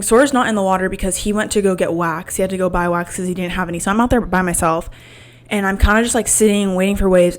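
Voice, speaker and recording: A woman in her twenties hosting a podcast, telling a personal story in a casual, candid way, full of "like" and swearing. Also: medium pitch. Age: 20s. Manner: rambling, filler-heavy with frequent "like" and swearing; emotional and candid. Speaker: podcast host.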